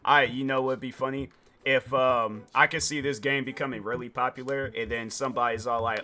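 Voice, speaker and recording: A man's voice: mid-range voice, moderate pace, pauses often, sharp tone. A male streamer rambling through casual, joking commentary while he plays a game. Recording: game music playing behind.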